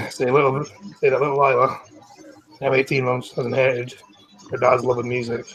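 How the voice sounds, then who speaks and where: Flat-voiced Scottish man reading the news. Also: mid-range voice, fairly quick, poor audio. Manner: stumbles over words while reading aloud, clears throat. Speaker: live streamer host. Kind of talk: casual live-stream news reading.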